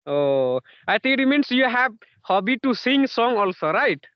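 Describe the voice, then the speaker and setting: A man's voice: very high voice, big pitch swings, a little slow, dry recording, dull audio. A man interviewing in casual conversation practice, repeating himself and filling gaps with "you know" and "yes, yes".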